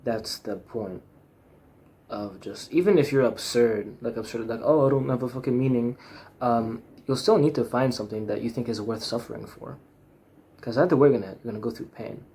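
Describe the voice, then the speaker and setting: A man's voice: medium pitch, normal speed, dark tone, slight background noise. A young man talking frankly in a rambling personal monologue, full of fillers, restarts and swearing. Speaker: vlogger.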